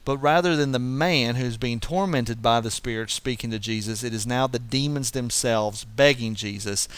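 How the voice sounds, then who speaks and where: Teaching the Bible verse by verse, a man speaks at a moderate pace with few pauses in a smooth, mid-range voice. He explains while reasoning out loud and keeps restarting sentences, and there is no room sound.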